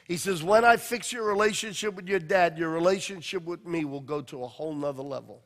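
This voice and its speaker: A high-voiced male pastor delivers a sermon in a church sanctuary, his voice carrying a long hall reverb. He tells stories with passion, pushing hard on some lines and dropping almost to a hush on others. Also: a little fast. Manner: passionate storytelling preacher, swinging from loud to hushed.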